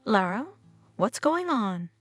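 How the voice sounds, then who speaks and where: A woman's voice: mid-range voice, big pitch swings, takes it slowly, soft background music. Woman reading as a stunned, grieving widower. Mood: pleading. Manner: pleading, bewildered. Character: grieving, shocked middle-aged widower.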